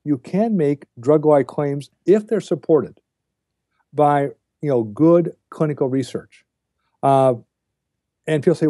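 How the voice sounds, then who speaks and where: A man's voice: on the high side, slow, long pauses, warm tone, dry recording, clean studio sound. An older man speaking as a guest on a podcast interview, lecturing bluntly and with emphasis. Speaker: guest, diet researcher.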